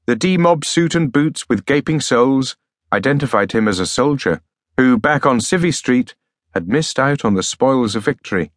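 A man's voice: mid-range voice, animated, moderate pace, dry recording. Male audiobook narrator, dry and close. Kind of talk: scripted narration.

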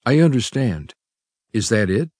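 A man voicing a calm husband who speaks quietly, firmly and reassuringly. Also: medium pitch, measured pace, dry recording, studio quality, voice pushed up. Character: calm, firm baritone husband.

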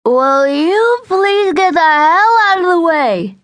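A woman's voice: extremely high pitch, very animated, takes it slowly, a bit bright, no room sound, studio quality, voice pushed up, heavily acted. Woman doing a slurring drunk brute. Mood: irritated. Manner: slurred, lazy drawl. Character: lazy drunk brutish man.

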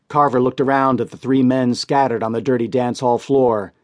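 Man, audiobook narrator, crime stories, scripted, measured, mid pitch. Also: steady tone, dry recording.

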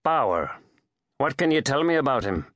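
A man's voice: medium pitch, big pitch swings, moderate pace, fairly bright tone, dry recording. A male narrator voicing a blunt journalist in an audiobook, asking short, probing questions. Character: blunt male journalist, the first-person hero. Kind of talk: audiobook character voice.

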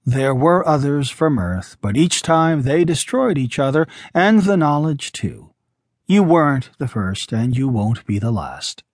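A man voicing a calm, sorrowful alien man who speaks softly and gravely. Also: measured pace, no echo, studio quality. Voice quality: low, soft and grave.

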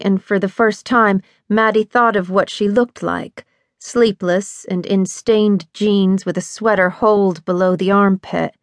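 Measured woman audiobook narrator. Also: mid-range voice, no room sound, studio quality. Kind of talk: scripted narration.

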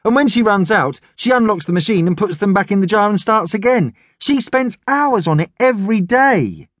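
A man's voice: high voice, expressive, normal speed, no echo, voice pushed up. This is an eager, imaginative young boy, voiced by a man. He chatters earnestly in a lifted voice that moves up and down a lot. The studio sound is dry.

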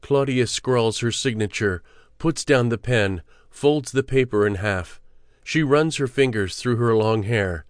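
A man narrating a novel as an audiobook in a measured, steady storytelling manner, on a close studio mic. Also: mid-range voice, smooth, no room sound.

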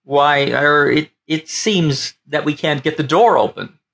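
A man voicing a gruff, irritable starship captain in an audiobook, curt and blustering. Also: fairly high pitch, unhurried, a bit bright, voice pushed up, heavily acted. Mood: flustered. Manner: curt and blustering, then flustered.

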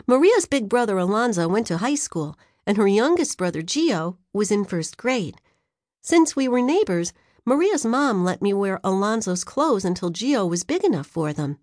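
A woman narrating a children's audiobook in an expressive storytelling manner, recorded on a studio microphone. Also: mid-range voice, moderate pace, no echo.

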